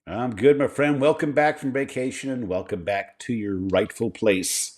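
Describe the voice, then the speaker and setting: A man's voice: mid-range voice, darkish tone. A man co-hosting a podcast, joking and laughing in casual chat. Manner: jokey, quick to laugh. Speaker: podcast co-host.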